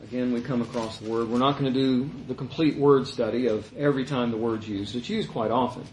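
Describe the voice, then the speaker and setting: A man giving conversational Bible teaching in an animated way, his voice jumping higher when he mimics the complainers. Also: brisk, a little hiss or hum. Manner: animated, voice rising high when quoting complainers. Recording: roomy echo.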